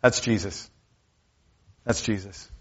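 A man's voice: fairly low pitch, fairly even intonation, slow pace, slightly rough, lo-fi sound. A man preaching a sermon in a conversational way, repeating key lines for emphasis. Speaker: pastor.

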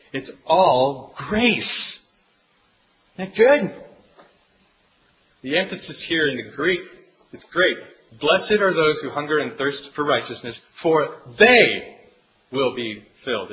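A man preaching a sermon as pastor to a congregation, earnest, swinging between hushed pleading and emphatic declaration. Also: a little high, slight background noise, poor audio.

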